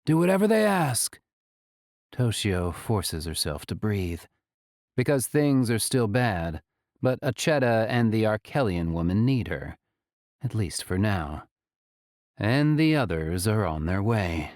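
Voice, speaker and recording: Expressive low-voiced audiobook narrator, man. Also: takes it slowly, dry recording, studio quality. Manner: expressive, dramatic reading.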